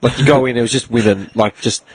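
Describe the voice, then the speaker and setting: A man's voice: mid-range voice, fast talker, breathy edge, dry recording. A man telling rambling travel stories in a casual chat, swearing freely and tagging lines with "man". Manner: rambling storyteller, swears a lot, says man often. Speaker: podcast host.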